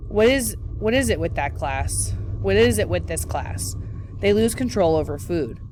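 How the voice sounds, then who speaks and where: A woman's voice: lowish voice, expressive, normal speed, darkish tone, slight background noise, lightly acted. A woman voicing a bold, friendly schoolgirl who talks bluntly and confidently.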